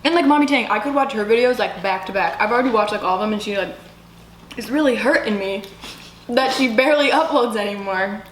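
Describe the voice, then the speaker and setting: A woman's voice: fairly high pitch, fast talker, a little hiss or hum. A young adult woman co-hosting a casual eating show, eagerly asking follow-up questions. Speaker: co-host. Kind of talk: casual chat. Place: indoors. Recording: echoey room.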